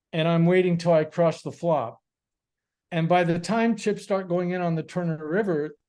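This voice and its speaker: A man's voice: a little high, darkish tone. A man talking as a guest author on a podcast, explaining ideas patiently step by step. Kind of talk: casual podcast chat.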